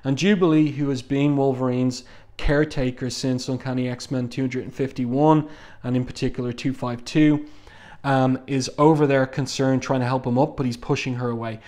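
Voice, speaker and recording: A man giving a measured, panel-by-panel review of a comic book, pausing often with "um". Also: mid-range voice, steady tone, a little mellow. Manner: measured, thoughtful, frequent "um" fillers.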